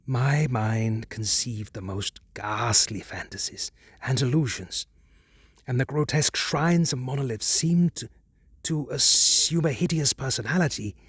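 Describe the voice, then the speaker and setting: A man narrating a horror audiobook in a measured, hushed, dramatic way. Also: medium pitch, husky, no room sound, clean studio sound.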